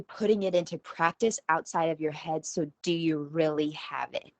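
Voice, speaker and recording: A woman's voice: low voice, moderate pace, dry recording. A woman around forty, talking in a rambling, self-deprecating casual monologue as a podcast host, laughing at herself. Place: at home.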